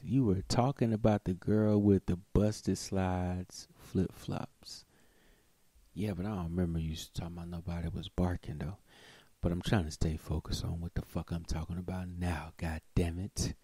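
A man hosting a live podcast, telling a profane comic story and swinging from mutters to shouts. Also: sits low, steady tone, unhurried, no room sound.

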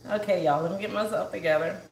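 A woman's voice: on the low side, fast talker, darkish tone. A woman chatting emotionally to viewers on a cooking livestream from her home kitchen, close to tears. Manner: emotional and tearful, calls viewers y'all. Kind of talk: casual chat to viewers. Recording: echoey room with background noise.

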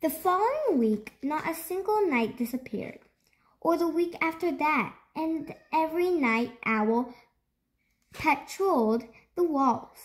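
A woman hosting a storytime, reading a children's picture book aloud in an expressive, slow storytelling manner. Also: high-pitched. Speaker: storytime host.

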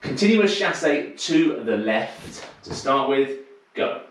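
A man's voice: medium pitch, very animated, slow pace. A man teaching a live online dance class, counting the steps aloud in rhythm and explaining them in a chatty way between counts, a little out of breath. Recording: echoey room, distant mic, noisy.

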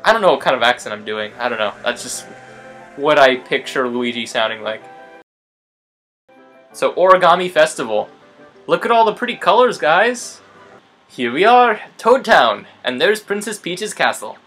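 Young man, let's play commentary, excitable, animated, faint game music. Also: a little high, normal speed. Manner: excitable, talks to viewers.

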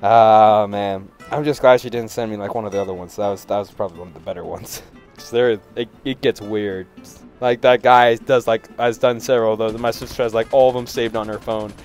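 A man giving excitable reaction commentary to memes, with loud outbursts and frequent laughter. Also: lowish voice, brisk, faint music behind.

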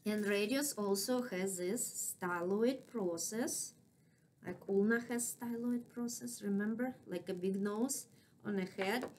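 A woman with a non-native English accent, lecturing on anatomy at an unhurried pace. She names each part slowly and keeps asking if the class is following. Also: medium pitch, darkish tone, a little hiss or hum. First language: not English. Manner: patient, checks in with frequent "right?". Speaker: anatomy instructor.

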